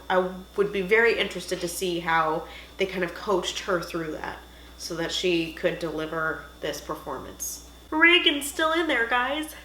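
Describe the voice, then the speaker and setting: A woman's voice: lowish voice, echoey room, a little hiss or hum, rough recording. A woman giving casual, jokey reaction commentary as she watches a film and reviews it. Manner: animated, jokey, squeamish asides. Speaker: movie reviewer.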